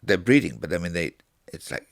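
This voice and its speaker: A blunt man chatting casually with a very deep, gravelly voice. His pitch jumps about a lot as he acts out little scenes. The recording is dry and close. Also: very animated, a little fast, no room sound. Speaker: snake wrangler guest. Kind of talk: casual chat.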